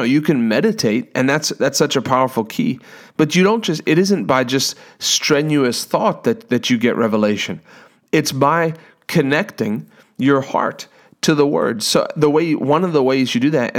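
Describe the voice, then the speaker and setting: A man preaching a sermon in a fervent, conversational way, reading scripture and breaking into short spoken prayers. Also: fairly high pitch.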